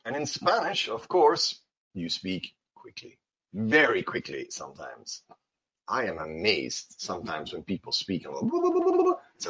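Man, teacher giving a seminar, expressive husky voice, emphatic check-ins, dull lo-fi sound. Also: medium pitch. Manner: animated, emphatic, frequent checks like okay and right. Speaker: English teacher. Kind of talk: seminar talk. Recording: dull lo-fi recording.

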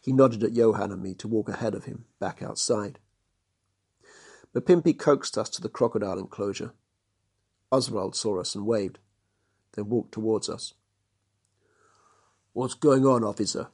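A man reads a storybook chapter aloud in a steady, measured way. His voice sits slightly low with a husky grain. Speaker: narrator. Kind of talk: storybook narration.

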